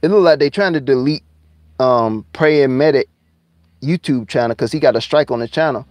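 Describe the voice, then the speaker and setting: A man rants on his live stream, heated and full of swearing, circling back over the same points and stretching some words out slowly. His voice sits at an ordinary middle pitch and sounds dry and close, with no room around it. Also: no echo. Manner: heated, profane, repetitive, drawling slowdowns. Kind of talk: angry conspiracy rant on a live stream.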